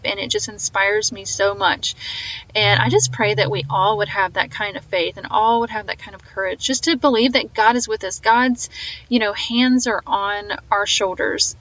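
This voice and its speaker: A woman's voice: medium pitch, fairly bright tone, lo-fi sound. Earnest woman host with a slight Southern twang. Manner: earnest, rambling, full of fillers. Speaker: podcast host. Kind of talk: reflective podcast outro.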